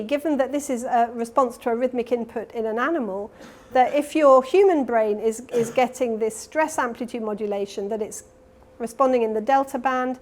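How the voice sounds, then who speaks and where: A woman delivering a keynote lecture at an academic conference, explaining step by step with fillers and quick self-corrections. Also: fairly high pitch, darkish tone. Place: conference hall.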